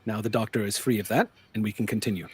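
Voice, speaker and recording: A man voicing a cold, calculating man in charge, speaking flat and measured. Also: fairly low pitch, breathy edge, pitched below the performer's own voice.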